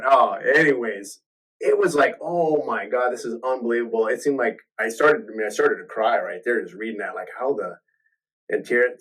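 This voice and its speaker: A man's voice: medium pitch, fairly bright tone, breathy edge, recorded from a distance, rough recording. A man hosting a podcast, telling a personal story in a casual, rambling way, full of restarts and acted-out quotes. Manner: rambling, restarts often, acts out quoted voices.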